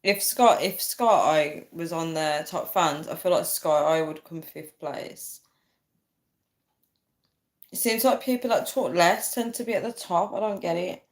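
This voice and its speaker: A woman's voice: fairly low pitch, a little slow. A woman hosting a casual livestream, reading out viewer comments, tired and often breaking into fits of laughter. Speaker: livestream host.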